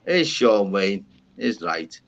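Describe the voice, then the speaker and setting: A man's voice: on the low side, very animated, slow pace, lo-fi sound. A man hosting a casual video-call panel, enthusiastic, swearing and repeating himself. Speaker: host. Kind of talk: casual livestream chat.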